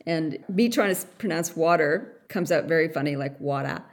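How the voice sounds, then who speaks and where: Chatty woman podcast host, lowish voice. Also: animated, brisk. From Canada. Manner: chatty, laughs often. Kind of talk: casual interview chat. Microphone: remote call.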